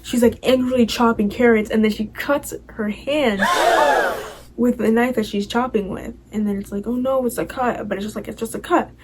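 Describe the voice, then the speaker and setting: A woman's voice: a little high, steady tone, moderate pace, heavy background noise. A young woman casually recapping a TV show, rambling and filling her talk with "like" and "you know".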